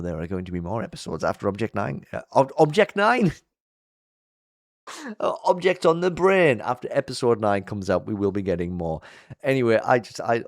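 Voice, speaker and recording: Chatty low-voiced man hosting a vlog. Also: dry recording, clean studio sound. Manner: chatty and upbeat, with many fillers and restarts; voice jumps high when being sincere. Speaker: YouTube show host. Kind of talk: casual commentary vlog.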